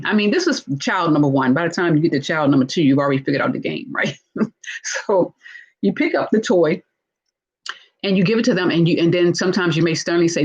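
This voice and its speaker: A woman with a husky, slightly breathy voice talks through her subject in a live, casual teaching style. She is animated, acts out bits of dialogue and keeps checking in with "right?". The recording sounds dull and lo-fi. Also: on the low side, brisk. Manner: animated, acts out quoted speech, frequent "right?". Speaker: host discussing narcissistic relationships.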